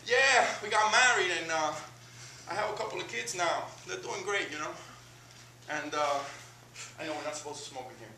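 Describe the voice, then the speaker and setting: A man on stage playing an excited, bald, paunchy old friend who gushes and keeps saying "bro" and "man". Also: high voice, normal speed, recorded from a distance, exaggerated voice. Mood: gushing. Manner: gushing, repeats "bro" and "man". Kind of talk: stage monologue. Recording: roomy stage taped from afar, noisy.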